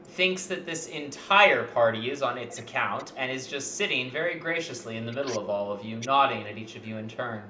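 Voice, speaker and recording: A man narrating a tabletop game as game master, playful and lively. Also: mid-range voice, fairly quick, few pauses.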